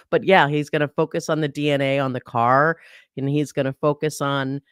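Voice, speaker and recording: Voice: medium pitch, flat delivery, unhurried, clean tone, no echo, clean studio sound. A guest commentator analyzing a trial in casual podcast talk, who often restarts sentences and laughs in disbelief.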